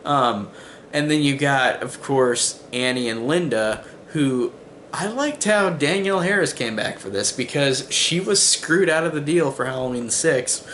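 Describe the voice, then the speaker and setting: A man's voice: on the high side, fairly bright tone, slight background noise. Rambling man reviewing a film. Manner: rambling, heavy use of "like" and "um"; exasperated, swears freely when criticizing. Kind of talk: casual spoken movie review.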